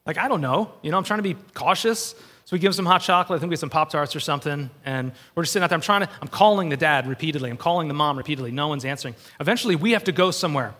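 A man's voice: on the high side, very fast, few pauses, fairly bright tone, long reverb tail. A middle-aged man preaching a sermon in a conversational, storytelling way, acting out the voices he quotes. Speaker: pastor.

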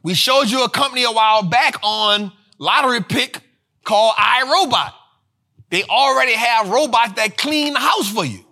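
A man hosting a finance show, talking in energetic casual commentary, slangy and animated, repeating lines for emphasis. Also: very high-pitched, moderate pace, creaky.

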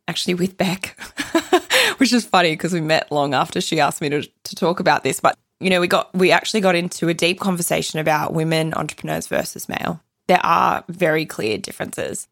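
A woman's voice: lowish voice, vocal fry, no room sound, studio quality. A woman hosting a solo podcast, blunt and opinionated, swearing freely as she talks. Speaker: podcast host.

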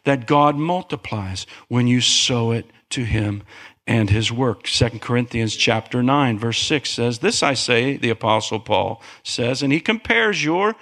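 A man preaching a sermon as pastor, animated, with big pitch swings and calls for amen. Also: a little slow.

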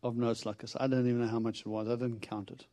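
Animated storytelling preacher man, mellow voice. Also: medium pitch, quick pace. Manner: animated storyteller, acts out quotes, laughs often. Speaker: itinerant preacher. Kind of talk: storytelling sermon.

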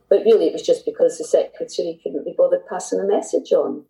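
A woman's voice: lowish voice, fast, few pauses, mellow, rough recording. A middle-aged woman telling a personal story to a host in candid, heartfelt speech that halts and restarts now and then. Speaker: guest.

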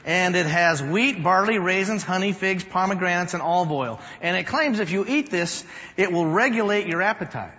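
A man in a pastor's role preaches a storytelling sermon, rising to loud emphasis and dropping to a hush. His voice sits a little high for a man. The sound is dull and carries a long reverb from a large church hall. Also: moderate pace. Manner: storytelling, swings from loud to hushed. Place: church sanctuary.

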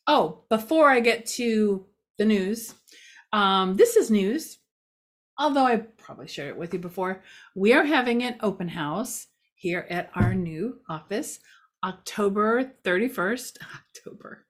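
A woman's voice: medium pitch, animated, measured pace. A woman giving a casual local news update outdoors near a parking lot, chatty and rambling, with many fillers and self-mocking asides.

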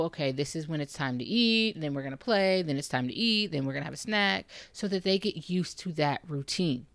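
A woman's voice: on the low side, no room sound. A young woman giving casual, encouraging parenting advice straight to other moms, direct and reassuring. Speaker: parenting vlogger. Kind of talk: casual advice talk to camera.

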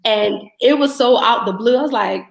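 A woman shares a personal faith testimony as an interview guest. Her telling is animated and she acts out the voices of the people in the story. The room adds a noticeable echo. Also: a little high, moderate pace, vocal fry. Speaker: podcast guest.

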